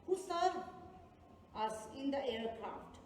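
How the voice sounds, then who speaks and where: High-voiced teacher on an echoey video call. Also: female voice, lively intonation. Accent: South Asian English. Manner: encouraging, repeats questions slowly, leads the class in clapping. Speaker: online class teacher. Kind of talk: teaching young children over a video call. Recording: echoey roomy video-call audio, faint noise.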